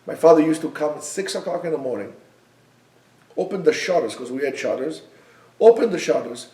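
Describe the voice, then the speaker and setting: A man from Israel, teaching a yeshiva class with animated storytelling and bursts of loud emphasis. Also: a little high, brisk, recorded from a distance. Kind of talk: classroom lecture. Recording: echoey room, speaker away from the mic.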